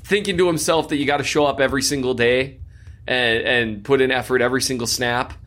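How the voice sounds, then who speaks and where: A man's voice: mid-range voice, steady tone, a little fast, fairly bright tone. A man co-hosting a casual sports podcast, chatty and jokey, rambling through restarts. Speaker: podcast co-host.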